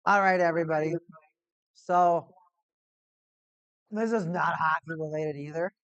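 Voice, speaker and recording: A woman's voice: deep voice, a little slow, smooth, no room sound, lo-fi sound. A woman hosting a casual hockey watch-party stream, rambling and joking and repeating herself as she chats to viewers. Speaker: livestream host.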